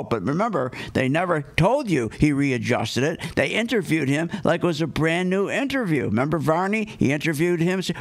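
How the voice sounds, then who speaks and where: Brief: male talk radio host, higher voice, very lively swings, emphatic and repetitive. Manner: emphatic, repeats key points, rhetorical questions. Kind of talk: opinionated talk radio monologue.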